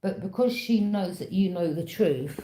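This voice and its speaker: A mellow, fairly low-pitched woman speaks at a normal speed but with animation as she gives a tarot reading. Her manner is casual storytelling, conversational, knowing and direct, and the room is echoey.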